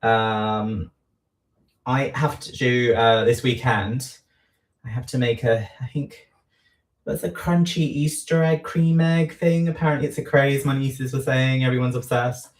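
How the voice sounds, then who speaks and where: Slow-talking man in an echoey kitchen. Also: mid-range voice, steady tone. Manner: slow, rambling, self-deprecating, many ums. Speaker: home baker livestreaming. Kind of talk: casual livestream chat while frosting a cake. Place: home kitchen. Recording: echoey room, voice far from mic.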